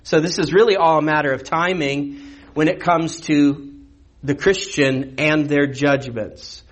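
Guy pastor teaching through a bible chapter, kinda high voice, chatty, lots of questions. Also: steady tone. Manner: conversational, rhetorical questions, slows for emphasis. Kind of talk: expository sermon.

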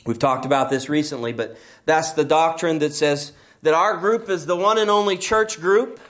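A man's voice: a little high, normal speed, fairly bright tone. A middle-aged man preaching a sermon as pastor, telling stories and pressing his points with emphasis. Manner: storytelling, emphatic with rising passages.

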